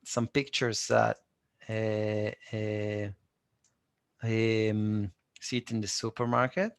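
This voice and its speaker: A man with an Israeli accent teaching a live online Hebrew class, repeating words slowly and patiently and answering students by name. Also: on the low side, flat delivery, clear, resonant tone, dry recording. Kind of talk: live online language lesson.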